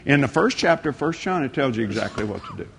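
A middle-aged man preaching a sermon and telling a story, swinging between shouted lines and hushed ones. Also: mid-range voice, big pitch swings, fast, creaky, noisy background.

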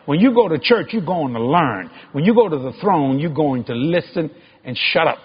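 Husky male preacher, emphatic delivery. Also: lively intonation, muffled recording. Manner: emphatic preaching with sudden high shouted climbs and slow drawn-out stresses. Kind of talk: sermon.

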